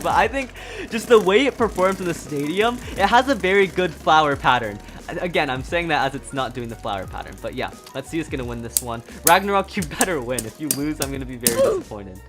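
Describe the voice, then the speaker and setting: Eager higher-voiced man reviewing toys. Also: faint music behind. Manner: eager and excitable, laughs often, quick restarts. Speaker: toy reviewer and channel host. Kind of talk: casual unboxing and review chat.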